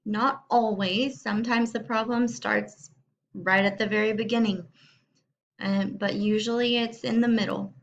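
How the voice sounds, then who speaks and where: A woman teacher reads a storybook aloud to young students, unhurried and clearly spoken. Her voice sits in an ordinary middle range. The recording sounds slightly dull and muffled. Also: medium pitch, steady tone. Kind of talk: reading a storybook aloud to children.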